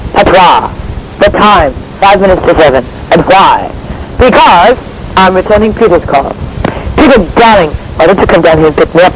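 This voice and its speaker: A man doing a grand drawling diva on old tape. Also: sits high. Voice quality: drawling, affected, theatrical. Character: grand, theatrical diva caller. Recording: old answering machine tape, noisy.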